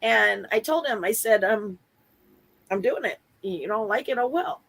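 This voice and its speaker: A woman's voice: medium pitch, expressive, a little slow, gravelly, a bit bright, poor audio. A woman guest in a casual conversation, a former client who talks bluntly and candidly, laughing often and swearing mildly.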